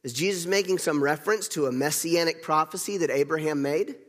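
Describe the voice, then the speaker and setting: A man preaching a sermon in a conversational, animated way, retelling the scripture with laughs. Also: on the high side, a little fast, long reverb tail.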